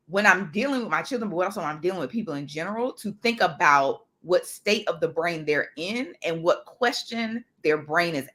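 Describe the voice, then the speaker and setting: Bright-voiced woman, lively storyteller. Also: medium pitch. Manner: animated retelling, acts out quotes, frequent "right?". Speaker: accountability group member sharing a lesson; mother. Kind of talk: casual video-call chat.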